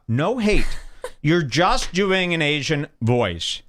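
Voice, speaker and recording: A man's voice: fairly high pitch, big pitch swings, takes it slowly, fairly bright tone, a little hiss or hum. A man hosting a podcast, reacting to clips with heated, emphatic, scornful commentary. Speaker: podcast host.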